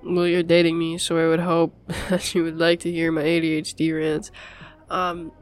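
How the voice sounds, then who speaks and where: A woman's voice: deep voice, monotone, moderate pace. A young woman in a casual girlfriend role-play, rambling to her partner with frequent laughs and swearing.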